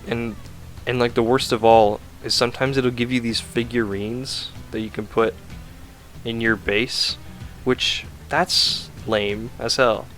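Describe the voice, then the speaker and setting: A man's voice: mid-range voice, a bit bright. A man giving a casual, rambling game review, ranting in an exasperated, sarcastic way with lots of fillers.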